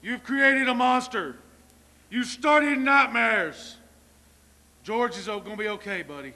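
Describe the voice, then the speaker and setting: Wrestler, slow and ominous, bright high voice, echoey room. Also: male voice, vocal fry. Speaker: pro wrestler. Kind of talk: wrestling promo interview. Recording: reverberant room.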